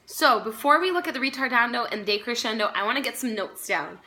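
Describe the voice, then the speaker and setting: A woman's voice: on the high side, animated, fast talker. A woman teaching a string practice lesson, patiently naming notes and counting the players in. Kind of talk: practice video instruction. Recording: violin playing behind. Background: violin music.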